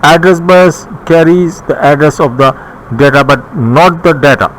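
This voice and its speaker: A man with a Bangladeshi English accent teaching a recorded computer lesson, reading his notes slowly with pauses and some restarts. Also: a little high, a bit bright, rough recording. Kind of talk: recorded classroom lecture. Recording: faint background noise.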